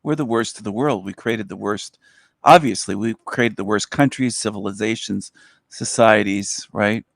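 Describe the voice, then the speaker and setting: A man's voice: fairly low pitch, normal speed, creaky, dry recording, clean studio sound. A man hosting a livestream in casual commentary, often talking in a sarcastic, mock-sincere way. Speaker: livestream host.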